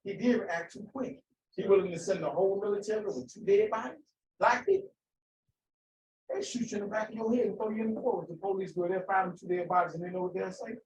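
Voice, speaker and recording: A male preacher delivers a fiery sermon in a fairly high voice. He presses his points with rhetorical questions and repeated phrases. The sound is echoey and set back from the mic, with a faint room hum behind him. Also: steady tone, fast talker, recorded from a distance.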